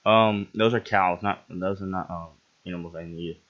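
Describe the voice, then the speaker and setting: A man's voice: low voice, fairly even intonation, normal speed, dull audio. A man giving gameplay commentary who laughs often and bursts into sudden yelps. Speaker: gaming channel host.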